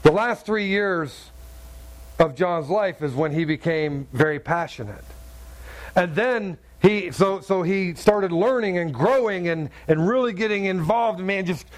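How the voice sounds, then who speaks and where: Pastor, man, high voice, chatty sermon delivery with repeated words. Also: unhurried. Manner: conversational, repeats words, asks the crowd "right?".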